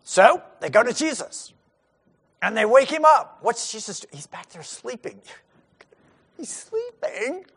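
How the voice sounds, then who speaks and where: Animated, lively-pitched male preacher. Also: moderate pace, husky. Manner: animated, acts out the disciples' panic in asides. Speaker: pastor. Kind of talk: sermon.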